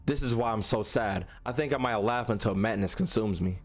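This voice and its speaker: A man's voice: on the low side, a little fast, faint music behind, voice pushed down. A man reading as a mocking vengeful witch-saint. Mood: cruel.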